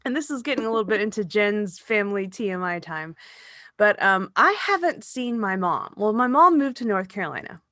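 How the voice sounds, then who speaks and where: Bright, chatty woman telling a story. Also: medium pitch, expressive, a little fast, no echo, studio quality. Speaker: podcast co-host. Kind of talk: casual chat.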